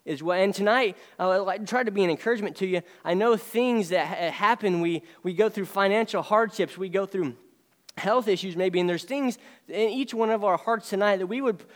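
A man preaching a sermon, earnest and emphatic, swinging between raised lines and quiet ones. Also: high voice, normal speed, long reverb tail. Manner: earnest, rising and dropping emphasis.

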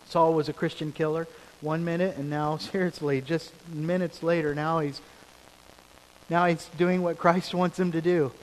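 A man preaching a sermon as pastor, building from quiet lines to emphatic ones and repeating key phrases. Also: on the high side. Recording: hall reverb with faint rain hiss.

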